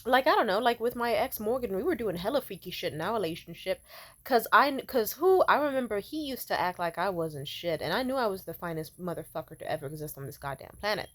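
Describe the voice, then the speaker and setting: A woman's voice: mid-range voice, lively intonation, fast. A young woman vlogging to camera, telling a story casually in a brash, profane way, breaking into laughter often.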